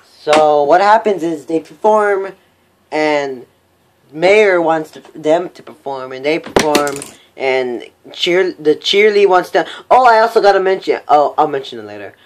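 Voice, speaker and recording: A young man casually recapping a cartoon episode on a voice call, rambling and halting. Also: fairly high pitch, animated, noisy background. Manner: rambling, halting, full of fillers. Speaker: vlog host.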